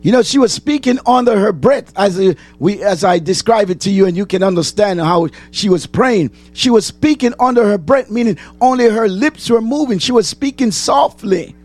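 A man preaching a sermon, asking the congregation questions and answering them, repeating phrases and rising to shouts. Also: high voice, expressive, normal speed, hardly any pauses.

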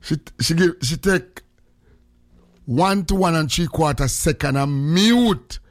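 A man's voice: on the high side, takes it slowly, dry recording, clean studio sound. Joking Jamaican radio host man. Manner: joking, heavy patois, frequent greetings. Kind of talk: casual morning radio chat.

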